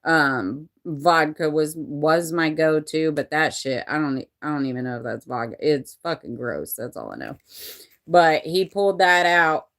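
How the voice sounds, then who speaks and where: A woman in her forties with a low-pitched voice, speaking casually to camera about her own life. She rambles and restarts often and swears without a second thought, in a frank, unpolished tone. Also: lively intonation, unhurried. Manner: rambling and candid, with frequent profanity and restarts. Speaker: vlogger telling a personal story. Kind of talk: candid personal storytelling.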